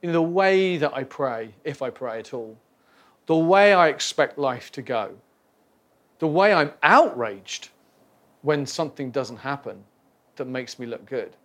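A man's voice: mid-range voice, lively intonation, a little slow. A man teaching on the Bible in a casual, reflective way, often restarting his sentences. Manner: conversational, reflective, with many restarts and fillers. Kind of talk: casual Bible study talk.

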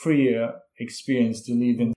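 Mellow, level-voiced male therapist guest. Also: mid-range voice, little pitch movement, unhurried. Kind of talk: calm conversational interview. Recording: roomy, echoey sound.

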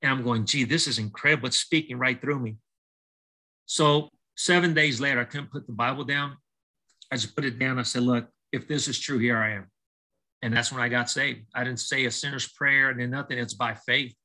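On a low-quality recording, a middle-aged baseball coach with a medium-pitched voice speaks briskly as a podcast guest telling his life story. He's an animated storyteller who acts out the dialogue and restarts his sentences often, in a storytelling, testimony-style interview.

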